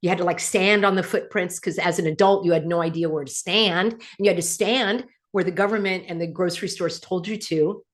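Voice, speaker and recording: A middle-aged woman hosting her own vlog, indignant and sarcastic. Her voice jumps between loud, high outbursts and low, muttered asides. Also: fairly even intonation, fairly quick, hardly any pauses. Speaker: channel host. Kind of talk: animated opinion vlog.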